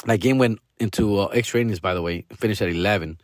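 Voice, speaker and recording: A man's voice: on the low side, quick pace, no echo, studio quality. A male comedian tells a casual story on his podcast, full of swearing, slang and Spanish words.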